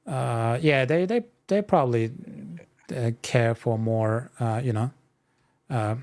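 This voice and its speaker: A man with a mid-range voice chats casually as a podcast co-host. He speaks haltingly, padding his thoughts with "like", "you know" and "uh". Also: medium pitch, a little mellow. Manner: hesitant, full of "like", "you know" and "uh". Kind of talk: casual gaming podcast chat.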